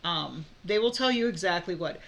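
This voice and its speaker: A woman's voice: on the low side, expressive, normal speed, a bit bright. A woman giving a casual tarot reading, talking frankly with many fillers and restarts. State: hiccups. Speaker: tarot reader.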